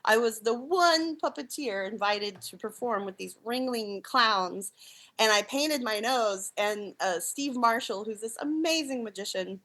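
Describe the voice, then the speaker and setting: Bright-voiced woman telling lively stories. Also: on the high side, a little slow. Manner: animated, laughs often, acts out quoted lines. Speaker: puppeteer and clown, interview guest. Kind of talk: casual storytelling interview.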